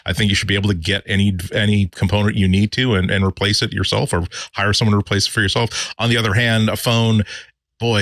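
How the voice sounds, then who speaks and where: An earnest man on a podcast panel with a lowish voice, pausing to search for his words. The recording is dry and close. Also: a bit bright, no room sound. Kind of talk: casual panel chat.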